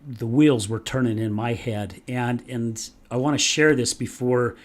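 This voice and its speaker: A male podcast host tells a personal story in a loose, emphatic way. His voice sits in a middle pitch, and his talk is casual and lively. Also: a little slow. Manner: animated, emphatic, swears casually.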